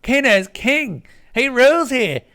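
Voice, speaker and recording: A man voicing a brash, foul-mouthed male punk who speaks of himself in third person, in a shouty, crude and boastful manner. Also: high-pitched, measured pace, smooth, pitched above the performer's own voice. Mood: angry ranting.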